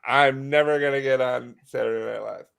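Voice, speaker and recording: A man co-hosting a comedy podcast, answering in a deadpan way with short, curt replies. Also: mid-range voice, fairly quick, vocal fry, clear, resonant tone. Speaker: podcast co-host. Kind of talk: casual comedic chat.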